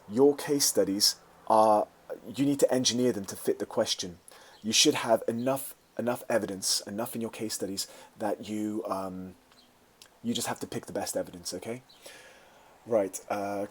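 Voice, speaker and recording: Husky low-voiced male teacher. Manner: conversational, answers viewer questions with many fillers. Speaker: media studies teacher. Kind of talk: live-streamed revision Q&A.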